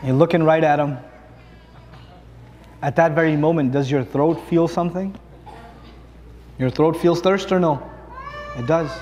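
A man with a notably high voice preaches in a long-echoing hall. He talks easily, cracks jokes, and keeps asking the crowd questions. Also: measured pace, pauses often, darkish tone, a little hiss or hum. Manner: conversational, humorous, rhetorical questions to the audience. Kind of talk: sermon.

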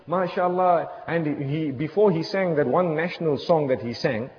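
A man's voice: on the high side, normal speed, a little mellow, a little hiss or hum. A man preaching a storytelling sermon, impassioned and repetitive, sprinkling in religious phrases. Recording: echoey hall, dull lo-fi sound.

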